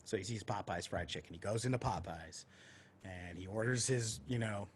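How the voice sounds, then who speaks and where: A man's voice: fairly low pitch, normal speed, slight background noise. A man co-hosting a podcast who tells a long story casually, swearing freely and acting out the voices of the people in it. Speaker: podcast co-host.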